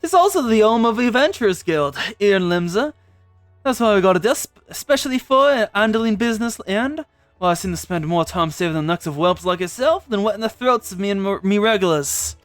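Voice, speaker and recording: A man voicing a gruff male tavern owner in a video game, with a rough sailor's brogue that keeps slipping. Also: high-pitched, lively intonation, fairly quick, a bit bright, no room sound, soft background music, voice pushed up. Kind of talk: reading game dialogue aloud.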